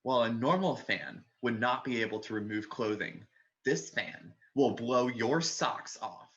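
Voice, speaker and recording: A young man reading a spoof commercial in a mock-serious announcer tone. His voice is bright and forceful, and the recording sounds dull and lo-fi. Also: medium pitch, expressive, a little slow. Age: young adult. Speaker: narrator of a parody ad. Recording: dull lo-fi audio.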